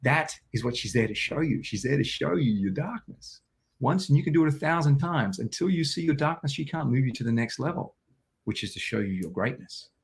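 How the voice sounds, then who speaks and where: A man's voice: mid-range voice, animated, a little fast, gravelly. An Australian man telling a personal story as an interview guest, vivid and intense, acting out quotes.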